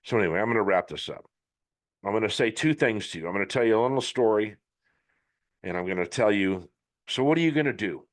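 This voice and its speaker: A man's voice: fairly low pitch, expressive, fast, pauses often. A middle-aged man hosting a podcast, giving a blunt, emphatic motivational monologue with some swearing. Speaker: podcast host.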